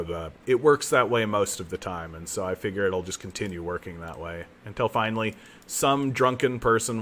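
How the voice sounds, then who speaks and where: A man from Canada streaming a video game on a new home mic setup, chatting casually in a rambling, self-mocking way with bursts of excitement. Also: on the low side, slight background noise. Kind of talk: casual gaming commentary. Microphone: new desk mic.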